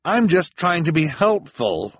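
A man's voice: mid-range voice, big pitch swings, normal speed, breathy edge, dry recording, pitched above the performer's own voice. A man voicing an earnest, bookish teenage boy in an audiobook, explaining things. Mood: defensive. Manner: earnest, explaining, slightly raised. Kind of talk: audiobook narration.

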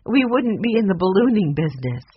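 A narrator voicing a cheerful young woman, a balloonist, in a storybook reading, in a bright, bouncy manner. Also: mid-range voice, very animated, brisk, muffled recording, slight background noise, voice pushed up, lightly acted. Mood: upbeat.

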